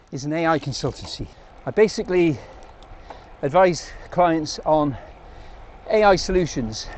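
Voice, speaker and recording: A man with an English accent vlogs to the camera while cycling along country roads, chatting and rambling with jokey asides. His voice is fairly high with a darkish tone, and there's a little hiss or hum in the recording.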